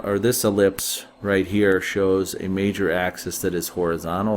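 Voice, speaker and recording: A man with a very low voice walks students through a recorded math lesson. He explains in a steady way and often fills pauses with uh. A faint hiss sits under the recording. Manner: steady explanatory, with frequent fillers. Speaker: math teacher.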